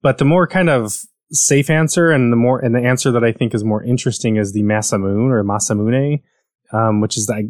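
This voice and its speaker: A man's voice: medium pitch, steady tone, fast talker, hardly any pauses, darkish tone, dry recording, studio quality. An American man chatting casually about video games, rambling and correcting himself as he goes. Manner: rambling, self-correcting, enthusiastic.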